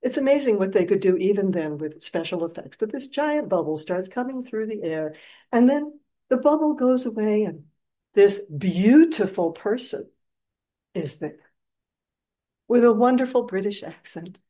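A woman giving a dharma talk as a meditation teacher, telling a story in an animated, gentle and reflective way. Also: mid-range voice, normal speed.

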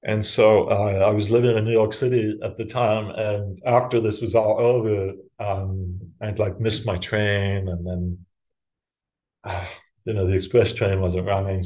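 A middle-aged man, a monk giving a talk, telling a personal story in a relaxed, self-mocking way, breaking into laughs and acting out the voices of others. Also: low-pitched. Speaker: Buddhist monk teacher.

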